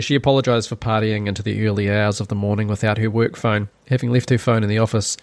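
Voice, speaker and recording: A man's voice: lowish voice, darkish tone, no room sound. A man hosting a solo opinion podcast, talking in a sarcastic, rambling way. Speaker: podcast host.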